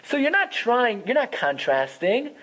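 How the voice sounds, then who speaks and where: A man giving a Talmud class lecture, explaining rulings in a conversational, animated way. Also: extremely high pitch, a little slow, poor audio. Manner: animated, conversational explaining with Hebrew and Yiddish terms. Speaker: Torah teacher.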